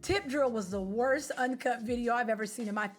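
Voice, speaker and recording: A woman streamer chatting casually with her live viewers, animated, slangy and opinionated. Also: a little high, a little fast, soft background music. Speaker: game streamer.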